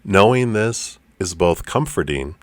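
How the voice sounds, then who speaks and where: Low male meditation guide, gentle and unhurried, dry recording. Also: lively intonation, dry recording. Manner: loose, with fillers. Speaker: spiritual teacher.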